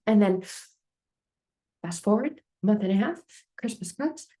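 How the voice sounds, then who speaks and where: A woman's voice: medium pitch, expressive, unhurried, mellow. A woman self-help speaker giving a motivational talk, storytelling with repeated, building phrases. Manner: storytelling with repetitive build-ups.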